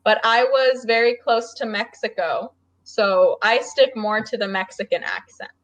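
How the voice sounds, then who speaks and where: A woman's voice: fairly high pitch, measured pace, rough recording. A woman with a general American accent, tutoring English in a casual video-call conversation, friendly and laughing often. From United States.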